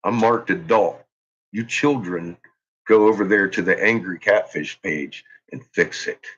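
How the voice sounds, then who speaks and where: Low-pitched and breathy-edged yet fairly bright, the man's voice keeps a measured pace. He's a channel host ranting angrily into the camera with profane, threatening bursts, visibly tense and jittery. The recording is dull and lo-fi.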